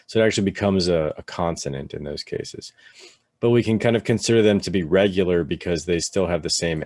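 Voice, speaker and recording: A man teaching a relaxed, casual lesson, with many fillers and "right?" tags as he explains step by step. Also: deep voice, no echo, clean studio sound. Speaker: Spanish teacher.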